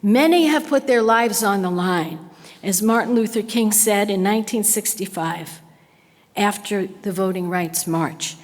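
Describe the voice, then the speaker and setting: A woman's voice: mid-range voice, unhurried. An older woman giving an impassioned public lecture, speaking with emphatic conviction. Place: lecture hall. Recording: long hall reverb.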